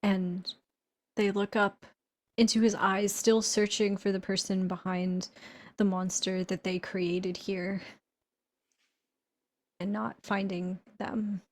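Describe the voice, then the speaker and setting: A woman at a tabletop game, telling what her character does at an unhurried, deliberate pace. Her voice sits at a middling pitch. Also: little pitch movement. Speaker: player.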